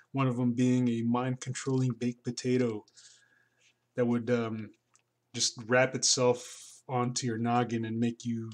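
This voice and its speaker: A man talks casually through his old sketchbook at a medium pitch. He rambles, stops and restarts often, filling gaps with "um" and "like". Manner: rambling, many fillers and restarts. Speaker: artist vlogger.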